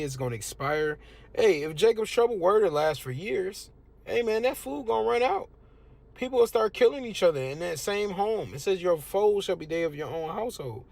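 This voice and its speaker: A man's voice: high-pitched, gravelly. A young man from the United States giving a casual religious testimony, preachy and conversational. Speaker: testimonial speaker.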